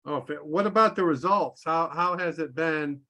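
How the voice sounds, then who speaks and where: A man's voice: fairly high pitch, moderate pace, pushed and bright. A man hosting a casual group call over video chat, chatty and friendly, with frequent restarts. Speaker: workshop host.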